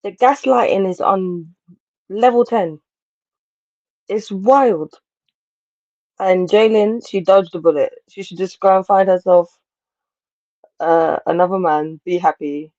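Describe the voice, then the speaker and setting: A woman co-hosting a podcast in casual chat, emphatic and quick to repeat her point. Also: on the low side, warm tone, no room sound, muffled recording. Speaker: podcast co-host.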